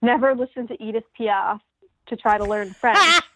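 A woman's voice: on the high side, expressive, moderate pace, pushed and bright, no room sound. A woman co-hosting a podcast, chatting eagerly about a singer's vocal style and laughing often. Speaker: podcast co-host. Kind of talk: casual chat about music. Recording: tinny phone-like remote line.

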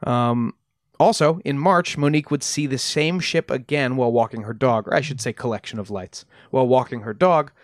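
A man's voice: mid-range voice, normal speed, no echo, clean studio sound. A man on a podcast casually retelling a story he has researched, with frequent ums and restarts. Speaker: podcast host presenting research.

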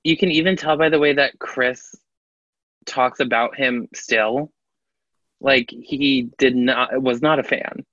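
Gossipy woman cohost, bright punchy voice, kinda dull dry recording. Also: very deep voice, steady tone, slow pace, dry recording. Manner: gossipy, acts out quotes. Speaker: podcast co-host. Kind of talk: casual chat. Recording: dry, slightly dull sound.

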